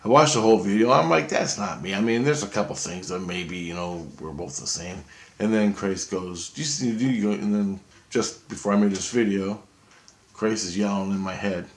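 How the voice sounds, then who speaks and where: A man in a rambling, profane monologue, telling his story excitedly. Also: on the low side, moderate pace.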